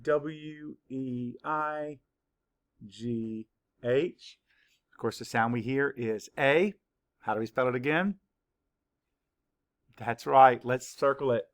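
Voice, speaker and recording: A man teaching a children's spelling lesson, spelling words slowly, letter by letter, with clear, patient instructions. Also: mid-range voice. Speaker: third-grade teacher.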